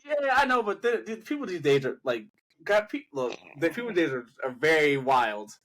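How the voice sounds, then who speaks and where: Male podcast co-host, slangy and playful, repeats himself, pitch leaps all over. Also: big pitch swings, normal speed, fairly bright tone. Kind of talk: casual podcast chat.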